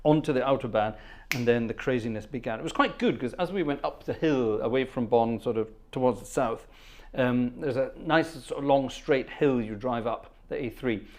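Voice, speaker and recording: A man's voice: medium pitch, moderate pace, a little mellow. A man hosting a livestream organ concert, greeting viewers one by one in casual chat and humming between names. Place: at the organ console.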